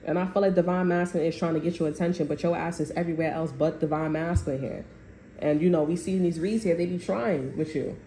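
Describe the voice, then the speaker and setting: A woman's voice: low-pitched, fairly even intonation, fast, dark tone. A woman giving a casual tarot reading, rambling in loose slang and acting out what people say. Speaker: tarot reader. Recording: echoey room with faint background noise.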